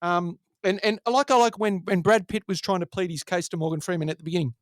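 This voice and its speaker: A man co-hosting a movie podcast, retelling scenes with animated laughter. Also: sits high, fast, no room sound, clean studio sound. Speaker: podcast co-host. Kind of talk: casual podcast chat.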